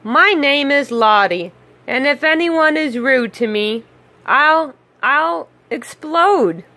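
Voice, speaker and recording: A prickly little duck, squawky and indignant, pitched high and drawn out slowly, as a woman reads her in a storybook. Her tone is bright and sharp. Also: animated, no echo, heavily acted. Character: angry, proud little female duck.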